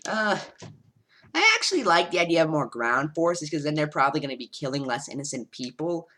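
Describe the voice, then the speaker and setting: A woman's voice: sits low, sing-song, brisk, bright, forceful tone. A woman giving casual, sarcastic commentary with rambling asides.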